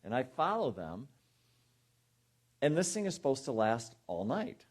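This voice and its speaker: A man of average pitch gives a sermon as a guest minister, telling his own story to a congregation. He slips into softer voices to act out the thoughts and words he heard, then returns to plain storytelling. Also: wildly swooping pitch, measured pace. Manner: personal storytelling, acting out inner voices in quieter tones.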